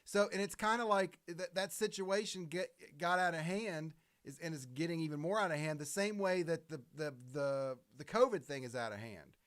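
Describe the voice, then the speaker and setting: A man with a high, light voice co-hosts a political talk show. He talks in long rambling stretches, stumbling and restarting his sentences as he goes. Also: normal speed, few pauses, fairly bright tone. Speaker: co-host.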